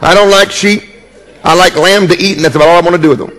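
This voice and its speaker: A man's voice: sits high, fairly even intonation, fast talker, a bit bright, in a large hall. A man preaching a sermon as pastor, emphatic and jokey, repeating key words and calling for responses.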